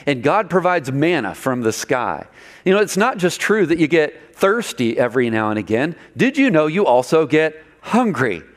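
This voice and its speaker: A man preaching a sermon in a conversational way, asking the listeners questions and acting out the quotes. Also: on the high side. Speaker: pastor.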